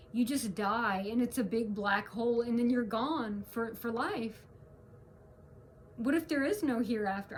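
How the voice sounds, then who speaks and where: A woman's voice: a little high, a bit bright, a little hiss or hum. A woman venting in a casual, rambling vlog rant, restarting her sentences and stressing her points. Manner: rambling, restarts often, emphatic. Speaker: vlogger.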